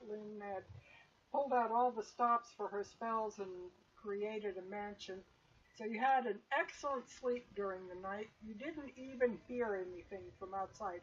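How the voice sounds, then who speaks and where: A woman running a tabletop game as game master, narrating in a relaxed, rambling way with plenty of fillers. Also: fairly high pitch, husky. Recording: dull lo-fi stream audio with faint hiss.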